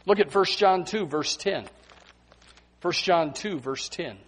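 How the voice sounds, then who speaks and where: A male pastor preaching a sermon in a church, emphatic and repetitive, swinging from hushed asides to loud exhortation. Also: high-pitched, takes it slowly, breathy edge. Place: church sanctuary.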